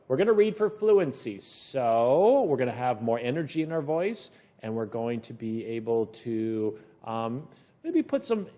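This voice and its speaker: Animated male teacher reading to children. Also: mid-range voice. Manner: animated, encouraging, asks children questions.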